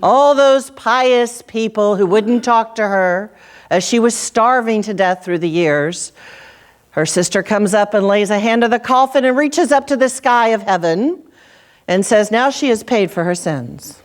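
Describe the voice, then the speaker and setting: A woman minister preaching a sermon, telling stories with dramatic pauses and dropping low for quoted lines. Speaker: senior minister. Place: church sanctuary.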